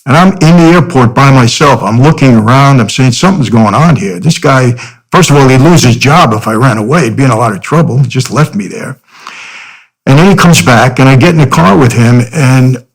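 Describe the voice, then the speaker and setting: A man's voice: medium pitch, fairly quick, low-quality recording. A middle-aged man, a podcast guest, telling his story in an earnest, conversational way with many "you know" fillers.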